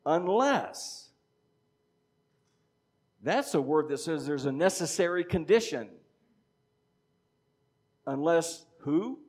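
Conversational man preaching with a lively delivery. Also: a little high, takes it slowly, pauses often, breathy edge. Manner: conversational teaching, frequent "okay?" check-ins. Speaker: pastor. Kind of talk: sermon.

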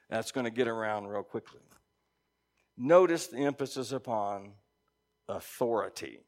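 A male pastor preaching at a middle pitch. He drives his points with emphatic loud stresses, then drops into low, quiet phrases. He throws in casual asides to the people listening. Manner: conversational asides to the congregation. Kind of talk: sermon.

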